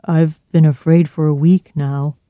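Frightened loyal butler, read by a man, shaken and pleading, in a warm dry voice. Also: on the high side, level tone, unhurried, no echo, close to an everyday voice. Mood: fearful.

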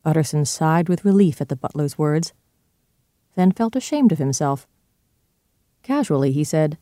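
A man narrating a classic story aloud in a steady, even reading. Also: a little high, normal speed, long pauses, dry recording, clean studio sound.

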